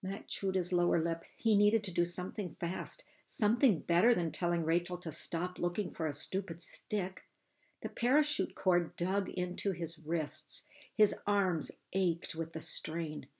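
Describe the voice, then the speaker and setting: A woman reading a children's novel aloud, measured and unhurried, lifting her voice for the characters. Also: lowish voice, darkish tone. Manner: slow, measured storytelling with raised voices for dialogue. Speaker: reader.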